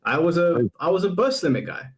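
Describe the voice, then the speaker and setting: A man chats on a livestream with a lively, swinging pitch. He teases his co-hosts and keeps the banter quick and casual. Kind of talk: casual stream chat.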